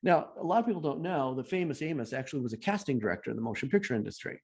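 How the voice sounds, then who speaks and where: Speaking as a guest, a middle-aged man tells a personal story in a self-deprecating, animated way, acting out the voices of the people he quotes. He talks rapid-fire in a mid-range voice with a breathy edge.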